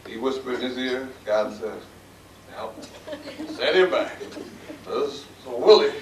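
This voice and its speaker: A man's voice: mid-range voice, animated, moderate pace, a little hiss or hum. A man with a Midwestern American accent giving a folksy, self-deprecating acceptance speech full of jokes in a banquet room. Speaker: award recipient giving a speech. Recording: echoey hall taped from far off, loud crowd. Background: crowd murmur and laughter.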